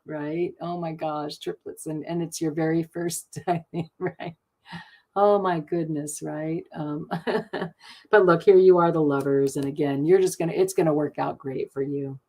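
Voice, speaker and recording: A woman's voice: deep voice, unhurried, warm tone. A middle-aged woman hosting a live card reading stream, chatty and gushing, laughing often.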